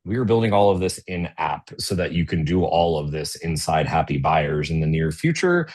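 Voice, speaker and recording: A man's voice: rumbling low, animated, moderate pace, a little mellow. A man presenting a business webinar in a casual, conversational way, often checking in with "right?" and talking into a computer mic on a video call. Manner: conversational, tags sentences with "right?".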